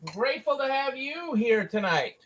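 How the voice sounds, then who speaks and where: High, bright-voiced man hosting a live stream. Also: sing-song, normal speed, low-quality recording. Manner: chatty, repetitive, greets viewers by name. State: tired. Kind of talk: casual live-stream chat.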